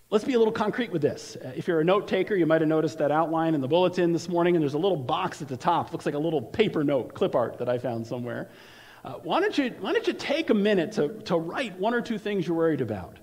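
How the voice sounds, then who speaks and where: A man's voice: sits high, expressive, brisk, darkish tone, husky. A man preaching a sermon as pastor, talking conversationally and often repeating words as he starts a phrase. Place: church sanctuary. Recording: long reverb from a large hall.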